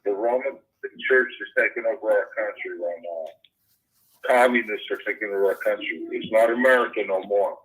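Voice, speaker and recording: A man's voice: fairly low pitch, moderate pace, a bit bright, husky. A man on a phone call, preaching, then swearing and ranting with many restarts. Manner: preachy and profane, rambling with restarts. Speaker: caller. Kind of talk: heated phone conversation. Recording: muffled phone-line audio.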